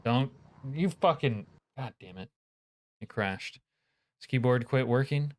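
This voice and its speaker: A man's voice: mid-range voice, animated, a little slow. A man live-streaming a game, chatting casually with his viewers, profane and joking, grumbling when things go wrong.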